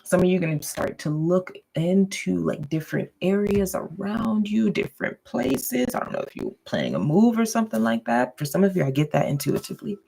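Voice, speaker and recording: A woman's voice: on the low side, expressive, a little fast, creaky, few pauses, mellow, slightly rough. A woman giving a casual, goofy tarot and astrology reading, laughing often and checking in with listeners. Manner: addresses listeners directly, checking in with "okay?".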